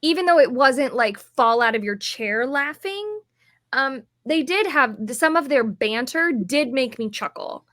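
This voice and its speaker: Her voice is high, animated and fairly bright, and she talks a little slowly. Co-hosting a podcast, the woman chats casually and rambles with many fillers, yawning as though somewhat tired.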